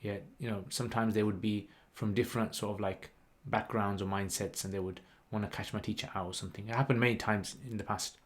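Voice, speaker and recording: A man, hosting a livestream and telling a story in a rambling, lively way with lots of fillers. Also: on the low side, fast, hardly any pauses. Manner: rambling, animated retelling with many "like" and "you know" fillers. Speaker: channel host.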